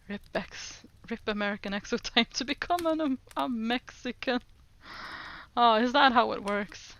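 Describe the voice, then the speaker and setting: A woman's voice: medium pitch, vocal fry, fairly bright tone, slight background noise. A woman streamer chatting casually while doing language lessons, repeating foreign phrases aloud and giggling often.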